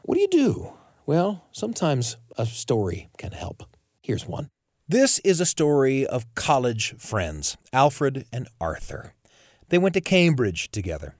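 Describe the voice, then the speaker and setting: A man hosts a podcast and narrates a story, his pitch moving lively and wide. He sounds reflective and sometimes restarts his words. The recording is close and dry, with no room sound. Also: measured pace, dry recording. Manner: reflective, expressive, with some stammering restarts. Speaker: podcast host. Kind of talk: warm storytelling host narration.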